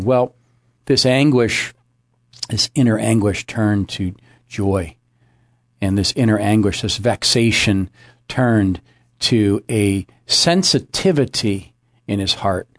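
A man's voice: on the low side, takes it slowly, no room sound, studio quality. A man, a pastor, giving an earnest devotional message and repeating key phrases for emphasis. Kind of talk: devotional preaching.

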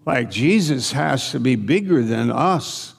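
A man's voice: mid-range voice, expressive, takes it slowly, vocal fry, slightly rough, big-room sound. A man preaching a sermon in an earnest, conversational way, repeating his phrases for emphasis.

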